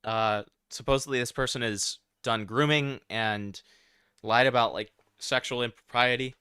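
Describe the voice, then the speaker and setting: A tired man casually commenting on a video during a stream, in a dry, dismissive, low-key way. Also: steady tone, normal speed, sharp tone, smooth, no room sound.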